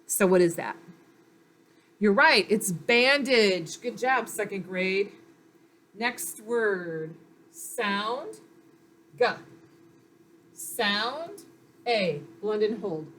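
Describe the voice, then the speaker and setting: A woman teacher leads a phonics lesson for young children, sounding out each letter slowly and patiently. Her encouraging delivery is unhurried, with a faint hiss of background noise. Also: mid-range voice, animated, a bit bright.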